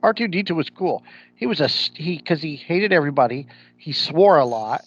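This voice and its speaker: Midwestern guy ranting on a podcast, kinda high voice, dull lo-fi sound. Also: lively intonation, brisk. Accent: Midwestern American. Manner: blunt, opinionated, uses slang like ain't. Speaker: podcast co-host. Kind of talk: casual chat.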